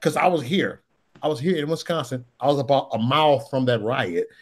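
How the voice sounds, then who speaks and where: A man's voice: medium pitch, brisk. A man from Chicago hosting a casual political chat, talking emphatically and repeating himself for stress. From USA, Chicago. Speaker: host.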